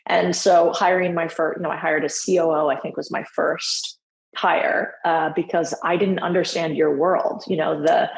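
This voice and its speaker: Candid woman guest, low voice, roomy sound. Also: moderate pace, creaky. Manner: candid, laughs easily, lively quoting. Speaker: podcast guest. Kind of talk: casual interview talk.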